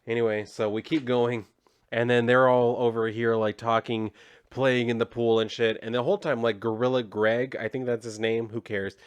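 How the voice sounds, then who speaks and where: Comic reviewer, sarcastic, swears freely, rambles through the recap, mid-pitched male voice, dry close sound. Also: flat delivery, moderate pace, clean tone, no echo. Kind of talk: casual recap.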